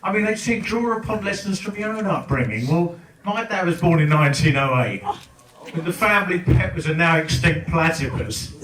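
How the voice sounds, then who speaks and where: A man's voice: fairly high pitch, lively intonation, normal speed, fairly bright tone. An older man performing a stand-up comedy set, telling stories in a wry, sardonic way. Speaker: stand-up comic. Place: comedy club lounge. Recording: echoey club, distant, noisy.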